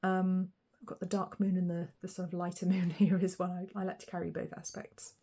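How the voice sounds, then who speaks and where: Husky-voiced woman reading tarot. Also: on the low side, flat delivery, fairly quick, warm tone. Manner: chatty, thinks aloud, frequent light laughs. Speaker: tarot reader. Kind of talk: casual pick-a-card reading.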